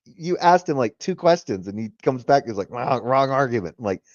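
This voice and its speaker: A man's voice: medium pitch, lively intonation, fairly quick, a little mellow, no echo, dull audio. A man hosting a casual livestream, talking loosely, swearing freely and laughing often. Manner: retells arguments in quoted voices. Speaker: livestream host.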